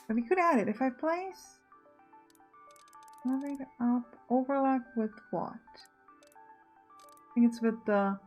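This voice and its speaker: Let's play host, female, higher voice, musing and self-correcting, soft music behind. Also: takes it slowly, long pauses. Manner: thinking aloud, self-correcting. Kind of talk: casual gameplay commentary.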